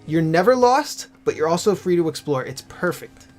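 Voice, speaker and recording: A man's voice: a little high, big pitch swings, normal speed, faint music behind. A young man co-hosting a let's play, chatting casually and animatedly about games, swearing now and then. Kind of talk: casual gameplay chat.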